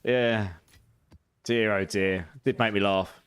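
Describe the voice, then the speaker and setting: A man's voice: medium pitch, a little fast, a bit bright. A man with a British accent, giving chatty, casual gameplay commentary and laughing often while talking to his chat. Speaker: game streamer.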